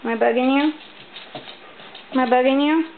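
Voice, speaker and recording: A woman's voice: high-pitched, fairly even intonation, moderate pace, slight background noise. A woman at home talking to her dogs in playful, sing-song baby-talk, recorded on a tinny home video. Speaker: dog owner filming her pets.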